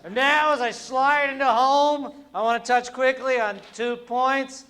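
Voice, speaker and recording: Wry, high-voiced middle-aged man. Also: fairly even intonation, pushed and bright, smooth. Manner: playful, quick-witted, wry asides. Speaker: cartoonist and speaker. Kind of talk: humorous live talk. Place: event hall before an audience.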